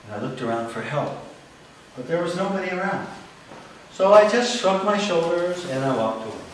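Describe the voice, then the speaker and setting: Guy telling a story live, lively up and down voice, big echoey hall, mic far off. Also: high-pitched. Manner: animated, dramatic pauses. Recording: echoey hall, distant mic, faint noise.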